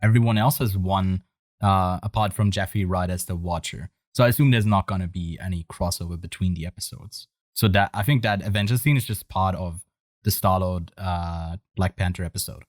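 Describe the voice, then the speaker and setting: A relaxed, matter-of-fact man co-hosting a podcast, with a fairly low voice. His sound is dry and close, with no room around it, and he drops in teasing asides. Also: brisk, no room sound. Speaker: podcast co-host. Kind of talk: casual chat.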